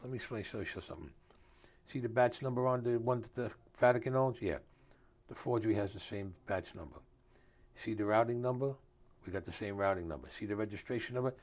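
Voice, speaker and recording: An older man, telling stories in a casual interview and acting out the dialogue in a streetwise way. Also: fairly low pitch. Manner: streetwise storyteller, acts out dialogue, drops grammar. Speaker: author and guest.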